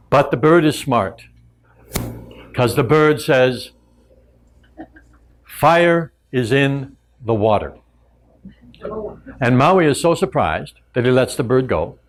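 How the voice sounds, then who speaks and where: A man telling a traditional tale to a live audience in a relaxed, conversational way with frequent asides. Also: medium pitch. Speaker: storyteller and teacher. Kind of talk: oral storytelling to a live audience.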